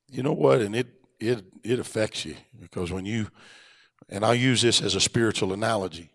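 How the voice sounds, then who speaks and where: A middle-aged man preaching a fervent Pentecostal sermon, rising to loud, high exhortation and dropping to soft asides. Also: vocal fry. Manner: fervent preaching that swells louder and higher, then drops to a soft aside. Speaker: pastor. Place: church sanctuary. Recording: long church hall reverb.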